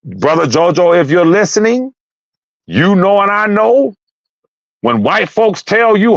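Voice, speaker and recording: A man's voice: high voice, big pitch swings, measured pace, no echo, dull audio. A man calling into a live talk stream, arguing his point with heat, repeating himself and raising his voice. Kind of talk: heated casual debate.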